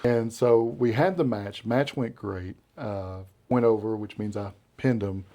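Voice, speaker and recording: Deep-toned Southern man telling animated stories. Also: a little slow. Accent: Southern American. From Southern United States. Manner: animated storyteller who acts out quotes. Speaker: interview guest, beard care brand founder. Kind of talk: casual storytelling interview.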